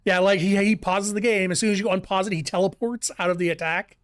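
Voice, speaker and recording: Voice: mid-range voice, fairly even intonation, fast, no room sound, clean studio sound. Rambling, laughing game streamer. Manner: rambling, laughs often, restarts sentences. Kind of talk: casual live-stream commentary.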